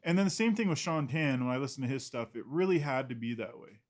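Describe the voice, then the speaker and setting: A man's voice: medium pitch, expressive, fast talker. Rambling, laughing male illustrator. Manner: rambling, self-deprecating, laughs often. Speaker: illustrator guest. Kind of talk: casual interview talk.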